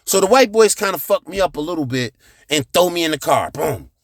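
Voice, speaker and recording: Animated, high-voiced male storyteller. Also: a little fast, gravelly, no echo, studio quality. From United States. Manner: animated, with sound effects and shouted reenactments. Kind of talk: profane street storytelling.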